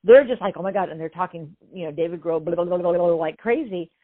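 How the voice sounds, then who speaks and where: Older california lady telling a story, lots of laughs, low-ish voice, thin phone-line sound, dead dry. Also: quick pace, no echo. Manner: animated, acts out quotes, laughs often. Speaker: guest. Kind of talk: casual storytelling interview.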